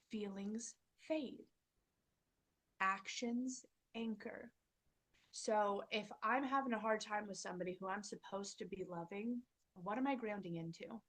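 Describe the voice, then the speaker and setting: A woman's voice: mid-range voice, bright, forceful tone. A woman hosting a parenting channel, talking earnestly to camera in a casual motivational style and acting out her own inner dialogue.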